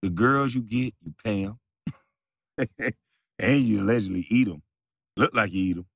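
A man's voice: fairly low pitch, moderate pace, fairly bright tone, breathy edge, no room sound, clean studio sound. A man who makes videos, delivering a mocking, profane rant at a rival, repeating taunts and breaking into laughter. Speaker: video creator.

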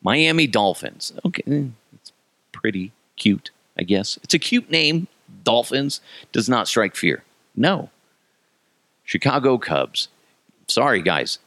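A man's voice: mid-range voice, sing-song, slow pace, pushed and bright, no echo. A man in his thirties from Colorado, hosting a comedic solo rant and mocking things in a sarcastic way. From Colorado, USA. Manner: sarcastic, mocking, jumps into silly voices. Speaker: podcast host.

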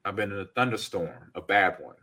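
A man in his forties co-hosting a casual podcast chat, reading out chat comments and acting out stories loudly. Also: lowish voice, a little fast. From California. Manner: animated storyteller, acts out scenes loudly. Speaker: podcast co-host.

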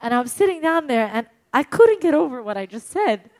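Woman, fairly high voice, animated storyteller in casual chat, laughs through her lines. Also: brisk. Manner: animated, laughs often while telling.

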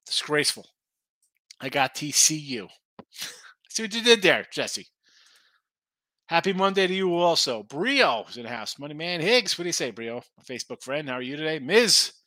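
A man hosting a sports betting picks livestream in a casual, rambling way, with joking asides and quick rundowns of odds. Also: fairly high pitch, bright, forceful tone, no echo, poor audio.

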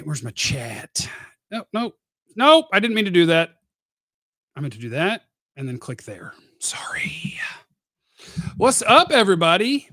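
A man's voice: a little high, fairly bright tone, no echo, studio quality. Blunt, opinionated male sports host. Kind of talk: casual live-stream sports commentary.

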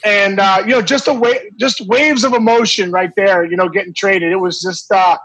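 A man in his forties, a former baseball player, telling a story in casual, animated talk with many fillers and restarts. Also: high voice, moderate pace, no room sound, poor audio.

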